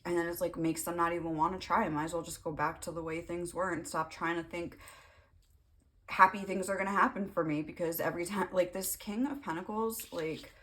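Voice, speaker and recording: A young woman with a low voice talks through a tarot reading in a loose, rambling way. She packs her talk with fillers and drops the occasional swear word. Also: fairly even intonation, a little fast, a bit bright. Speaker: tarot reader. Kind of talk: casual tarot reading monologue.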